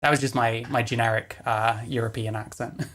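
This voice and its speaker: A woman's voice: rumbling low, fairly even intonation, moderate pace. A woman reacting to a video on stream, sarcastic, swearing and dismissive in casual commentary.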